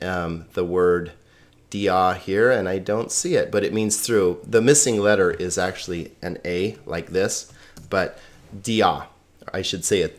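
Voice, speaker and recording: A man teaching a recorded Greek lesson, sounding words out slowly syllable by syllable. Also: sits low.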